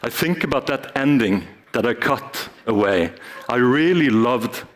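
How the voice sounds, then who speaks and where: A man's voice: mid-range voice, lively intonation, unhurried. A man giving a live talk on stage, playfully acting out short scenes with volunteers from the audience. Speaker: speaker.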